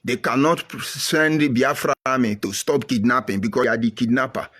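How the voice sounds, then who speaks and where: A man's voice: mid-range voice, a little fast, a bit bright. Middle-aged nigerian guy lecturing hard, emphatic, repeats himself a lot. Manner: emphatic, repetitive, preachy. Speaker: commentator. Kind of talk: impassioned monologue.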